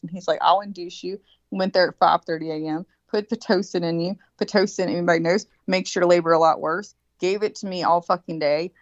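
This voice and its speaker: A woman's voice: fairly low pitch, no echo, lo-fi sound. A woman in casual chat, telling a vivid, profane story and acting out the quotes of the people in it. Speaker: birthday guest.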